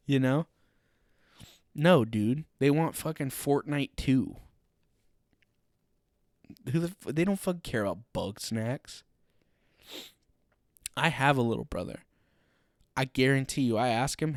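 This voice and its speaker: Young guy podcast host going off on a profane rant, mid pitch, dry close sound. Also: moderate pace, pauses often, no echo. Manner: profane, animated ranting with laughing asides.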